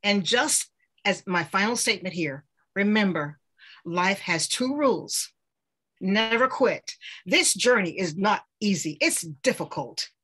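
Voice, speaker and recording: A woman's voice: mid-range voice, lively intonation, measured pace, a bit bright, slightly rough. An older woman gives an earnest, rallying motivational speech over a video call, speaking with a preacher-like cadence. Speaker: guest speaker.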